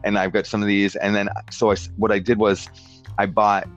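Rambling man with a low voice. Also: little pitch movement, brisk. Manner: rambling, full of "like", quotes people in voices. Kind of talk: casual chat. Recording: dull lo-fi sound with faint guitar music.

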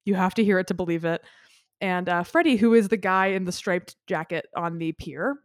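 Teary woman podcast host, sniffly, kinda low voice, rambling and earnest, dry close sound. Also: normal speed, dry recording. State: tearful, crying. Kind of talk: emotional film discussion.

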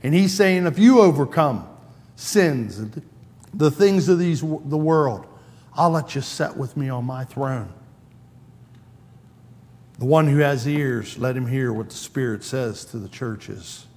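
Slow-preaching man in a reverberant hall. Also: mid-range voice, a little mellow. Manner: conversational, acts out quoted lines in a raised voice. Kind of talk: sermon. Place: church sanctuary.

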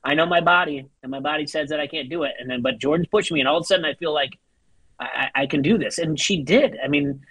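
A husky, slightly breathy co-host argues a point in loose chat, stacking up quotes and asking the listener to think it over. Lines often drop off quieter at the end. The sound is close and dry. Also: mid-range voice, fast talker, dry recording, rough recording. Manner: argumentative, builds a point, quotes people, trails off quietly. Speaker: podcast co-host. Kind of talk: casual chat recapping a reality show.

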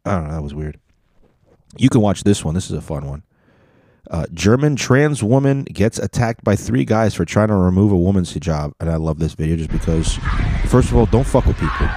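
A man's voice: low-pitched, expressive, a little fast, dark tone, no room sound. A man hosting a reaction video, giving casual commentary with loose, profane, offhand asides.

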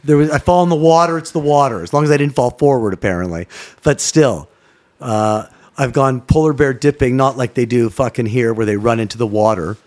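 A middle-aged man from Canada, a former sports broadcaster, telling a story in a casual chat, animated and swearing freely. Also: medium pitch, fairly quick. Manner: animated, swearing, acts out voices in his stories.

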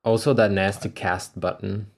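A man's voice: lowish voice, fairly even intonation, normal speed, gravelly, a crowd in the background. A man hosting a podcast with a playful, teasing manner in casual chat. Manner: playful, teasing show intro. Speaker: podcast host.

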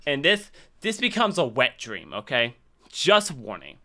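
Fields. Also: male voice, medium pitch, huge pitch swings, measured pace, bright, forceful tone. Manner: rambling, crude storytelling with many fillers and laughs. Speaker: podcast host. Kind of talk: casual podcast chat.

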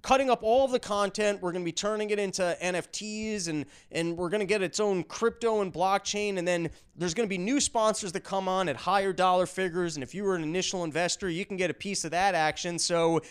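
Man, podcast host, fairly high voice, smooth, sarcastic, rambling. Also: a little fast, hardly any pauses. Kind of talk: casual podcast monologue.

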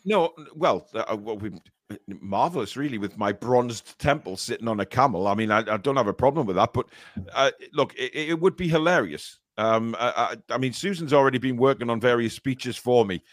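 A man's voice: medium pitch, animated, brisk, no echo. A man hosting a fan podcast in casual live chat, rambling and teasing with plenty of hesitations. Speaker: podcast host.

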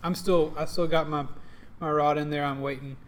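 A man with a fairly high voice playing a tabletop role-playing game. He narrates his character's moves in an animated way and laughs often. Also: moderate pace, slight background noise. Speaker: player.

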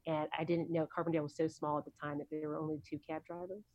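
A woman's voice: low voice, flat delivery, quick pace, a little mellow, no room sound, lo-fi sound. A woman guest on a podcast, telling stories from her career in a chatty, rambling way with many ums and likes. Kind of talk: casual interview storytelling.

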